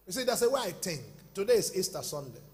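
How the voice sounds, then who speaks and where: A man preaching a sermon as pastor, swinging between loud shouted bursts and quieter, slower passages. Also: sits high, sing-song.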